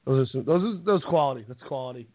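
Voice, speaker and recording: A man's voice: mid-range voice, expressive, fast. A man co-hosting a casual wrestling podcast, rambling through stories and laughing often. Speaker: podcast co-host. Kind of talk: casual wrestling fantasy draft chat. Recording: tinny phone-line audio, dry.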